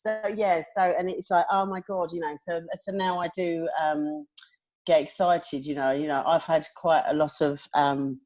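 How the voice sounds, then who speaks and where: A woman's voice: deep voice, fairly even intonation, moderate pace, darkish tone. A woman co-hosting a podcast in casual chat, talking candidly and reflectively and laughing often. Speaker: podcast co-host.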